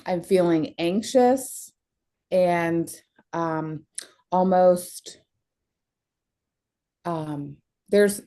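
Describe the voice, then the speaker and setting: A woman's voice: lowish voice, mellow. A young adult woman talking candidly as a counseling client, emotional and blunt, often breaking into laughter.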